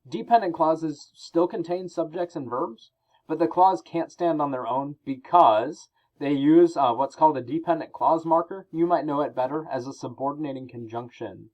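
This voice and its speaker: A man's voice: a little high, a little mellow, highs cut off. A male teacher explaining grammar rules in a recorded lesson, talking through examples with fillers and occasional self-corrections.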